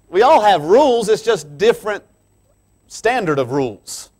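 A man preaching a sermon as pastor in a church, swinging from quiet asides to loud, emphatic passages and laughing between lines. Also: high-pitched, sing-song, slow pace, long pauses.

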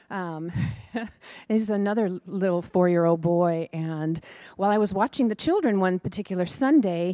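A woman giving a sermon, telling gentle, affectionate stories about small children and turning animated when she retells their words. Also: lowish voice, dry recording. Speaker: speaker in a preaching class. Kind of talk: sermon storytelling. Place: church or center hall.

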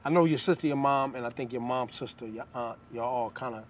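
A man's voice: mid-range voice, fairly quick, slight background noise. A man hosting a casual interview, asking questions in a laid-back, slangy way. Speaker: interviewer, music show host.

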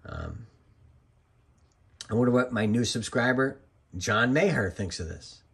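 A man's voice: medium pitch, lively intonation, measured pace, creaky, breathy edge. A man, a former wrestling referee, giving casual, rambling commentary over old match footage and drifting into jokey side stories.

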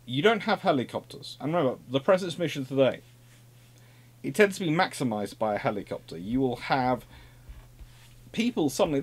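In a lively, conversational style, a man delivers an informal lecture on naval history, full of asides and repeated phrases. His voice is medium-pitched and slightly rough.

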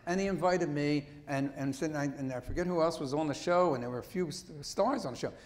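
An older man from Philadelphia with a strong Philadelphia accent, telling stories as a comedian guest in an on-stage interview before a live audience, animated and jokey with quick asides. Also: a little high.

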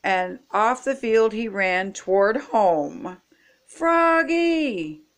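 An older woman reading a picture book aloud to children, expressive and playful with sound effects. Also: mid-range voice, takes it slowly. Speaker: storybook reader.

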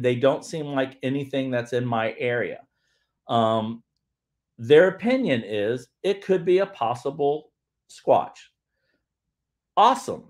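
A man talking casually to his livestream audience in a voice of ordinary, middle pitch. He rambles, restarts his sentences and fills the gaps with "um" and "you know". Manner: rambling, frequent restarts and fillers. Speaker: livestream host.

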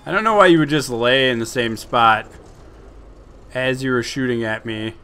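A young man giving casual, profane, joking commentary over his video game play, flipping between excited shouts and laid-back chatter. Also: medium pitch, normal speed, soft background music. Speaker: gameplay commentator.

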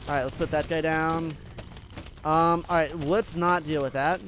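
A man's voice: a little high, fairly even intonation, normal speed, a bit bright, a little hiss or hum. A young man giving casual gameplay commentary, addressing his viewers as "guys" and swinging between hype and gloom. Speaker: gaming YouTuber.

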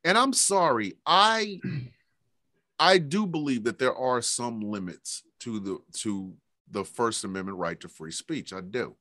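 A man hosts a podcast in casual, profane, emphatic chat. His pitch swings widely as he tells stories. The sound is dry and close. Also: a little slow, no echo. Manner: profane, emphatic, animated storytelling. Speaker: podcast host.

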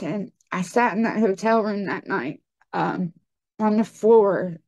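A young woman telling her personal testimony in conversation, halting and full of ums and likes. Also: mid-range voice, a little mellow, dry recording.

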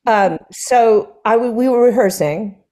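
A woman's voice: on the high side, unhurried. A woman singer, a guest in an onstage conversation, telling anecdotes and acting out the quoted dialogue with bursts of laughter. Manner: animated storyteller who acts out quoted dialogue with laughs. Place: stage conversation before an audience.

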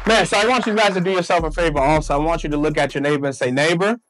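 A man's voice: on the high side, racing, a bit bright, soft background music. A man speaking to a live audience at a hotel event, hyping the crowd with call-and-response. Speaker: motivational speaker. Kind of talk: energetic stage talk.

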